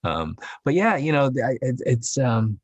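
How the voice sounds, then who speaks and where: A man who is an actor, speaking English as a later language, chatting as a podcast guest in a rambling, halting way with frequent laughs. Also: mid-range voice, big pitch swings, no echo, highs cut off. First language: Chinese dialect. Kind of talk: casual interview chat.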